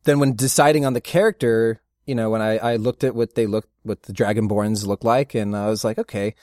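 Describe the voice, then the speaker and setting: A middle-aged man, a voice actor, chatting casually as an interview guest and telling rambling, animated stories with frequent laughs. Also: lowish voice, brisk, dry recording, clean studio sound. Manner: rambling, animated storyteller who laughs often. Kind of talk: casual anecdotal chat.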